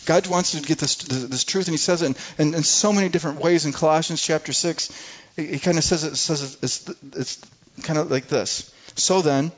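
A man's voice: on the high side, a little fast, few pauses. Emphatic male preacher, muffled recording. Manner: emphatic, repeats words as he restarts. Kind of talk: sermon.

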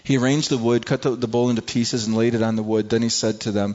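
Rich: a male preacher delivering a sermon at a middle pitch, often repeating and restarting his words as he reads scripture. He puts earnest rhetorical questions to his listeners. The recording is dull and lo-fi. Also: level tone, fast, few pauses, darkish tone.

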